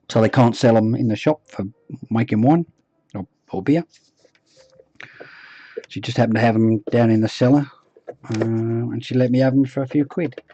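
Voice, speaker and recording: Mellow man muttering while he works. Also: mid-range voice, unhurried, pauses often, dry recording. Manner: mutters to himself and hums idle tunes between remarks. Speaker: miniature painting streamer. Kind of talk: casual live-stream commentary while working. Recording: dull lo-fi stream audio.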